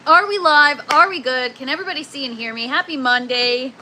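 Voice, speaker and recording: A woman's voice: sits high, fairly quick, sharp tone, slight background noise, rough recording. A young woman hosting a casual livestream, chatty and laughing often as she greets viewers by name from an indoor grow tent. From Canada. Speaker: livestream host.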